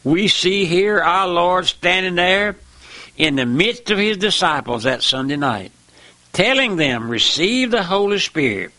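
A man preaching a fiery sermon, repeating "my friend" and "listen," dropping to low murmurs and rising to high cries. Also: lively intonation, unhurried, sharp tone.

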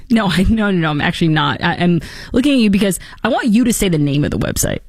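A woman's voice: fairly low pitch, sing-song, fast talker, no room sound. A woman hosting a talk show, chatting casually and animatedly, often laughing.

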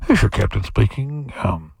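A man voicing a bumbling male airline captain, halting and full of uhs, chuckling as he goes. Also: lowish voice, lively intonation, gravelly, darkish tone, slightly rough, no room sound, voice pushed down, exaggerated voice.

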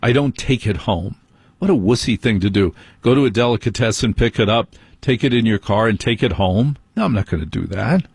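A man's voice: on the low side, expressive, fairly quick, gravelly, a little mellow, slightly rough, no echo, studio quality. A man hosting a late-night radio talk show, telling wry, grumbling stories with mock indignation. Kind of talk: casual comedic monologue.

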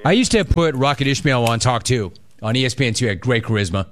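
A man's voice: medium pitch, fast talker. A man hosting a sports talk show, reading listener emails and teasing his co-hosts with lots of repetition. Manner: animated, mocking, repeats phrases for effect. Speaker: sports radio host.

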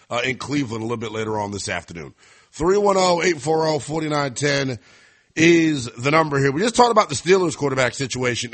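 A young man hosting a sports call-in radio show, chatting casually and teasing callers with quick jokes. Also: medium pitch, a bit bright. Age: young adult. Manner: joking, teasing, quick asides.

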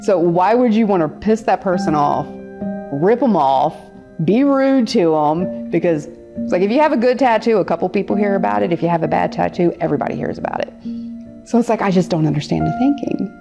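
A middle-aged woman, a tattoo artist, telling stories in a casual, lively way and laughing often. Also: on the low side, fairly quick, vocal fry, music in the background. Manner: lively, acts out quoted people, laughs often. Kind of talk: casual storytelling.

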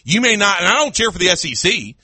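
A man's voice: sits high, sing-song, quick pace, sharp tone, slightly rough, dry recording. A man hosting a sports talk radio show, ranting sarcastically at callers and fans and mocking them in a raised voice.

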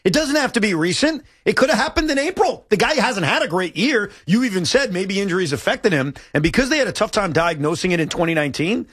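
A man hosting a sports talk show, arguing his points in an animated way. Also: high-pitched, fast, few pauses, breathy edge, no room sound, studio quality. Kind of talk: sports talk radio chat.

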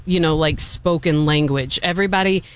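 A man's voice: on the high side, moderate pace, clean tone. A man reviewing a film in casual chat, enthusiastic and rambling, often restarting his sentences.

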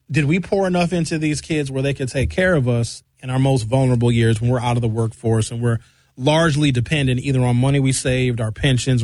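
A man's voice: medium pitch, dry recording. A man, talking in a casual monologue and acting out voices as he tells stories. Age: 50s. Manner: animated storytelling with shouted impressions.

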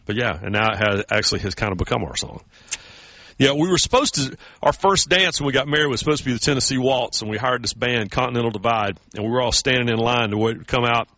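A man co-hosting a relaxed podcast, telling stories and throwing himself into the voices he quotes. His pitch sits in an ordinary middle range. The sound is dry and a little dull. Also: quick pace, no room sound. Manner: storytelling, animated quoted voices. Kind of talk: casual chat.

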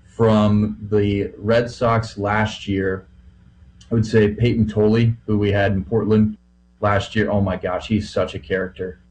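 A man's voice: lowish voice, little pitch movement, a little slow, darkish tone, a little hiss or hum, poor audio. A man who broadcasts baseball, telling stories in a rambling, easygoing way full of fillers on a casual podcast. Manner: rambling, filler-heavy storytelling.

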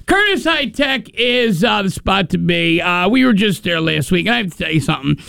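He is a man co-hosting a morning radio show from a studio. His voice is very high with a gravelly edge, and he laughs often and slips into acted-out characters. The studio sound is close and dry. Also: quick pace, fairly bright tone, no echo. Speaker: radio co-host.

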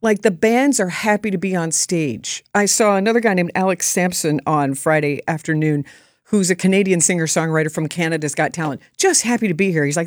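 A woman's voice: lowish voice, fairly quick, no echo, studio quality. A woman reporter giving a chatty, enthusiastic recap on air. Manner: chatty and enthusiastic, lively quoted voices. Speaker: radio or TV reporter.

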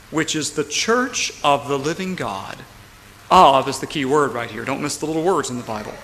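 A man with a notably high voice preaches a sermon, driving his points with emphasis and frequent "right?" asides. His voice rings through a long, reverberant hall. A faint hush of room noise sits underneath. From United States. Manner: emphatic, rising to loud climaxes, asks "right?" often. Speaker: pastor.

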